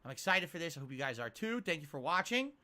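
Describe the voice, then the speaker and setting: A man's voice: on the high side, fast, background noise. A man streaming from his home office, reading viewer tips aloud and ranting in an exasperated way. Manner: exasperated rants, animated. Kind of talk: livestream chat, reading tips. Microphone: desk mic.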